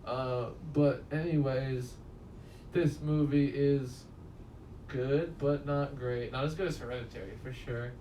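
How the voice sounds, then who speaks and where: A man's voice: medium pitch, fairly even intonation, a little slow, mellow, distant mic. A man giving a casual spoken movie review, rambling and swearing often and laughing at his own stories. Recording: roomy echo, voice a bit off-mic, faint room noise.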